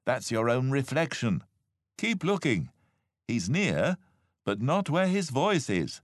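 A man's voice: medium pitch, sing-song, takes it slowly, dry recording, clean studio sound, voice pushed up. A man voicing a kind, patient male elephant in a storybook reading.

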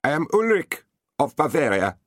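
A courteous knight speaks softly and gently, as a male narrator puts him on. The voice sits well above the reader's usual low register and rises and falls freely. The storybook recording is dry and close. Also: very animated, moderate pace, no room sound. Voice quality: soft.

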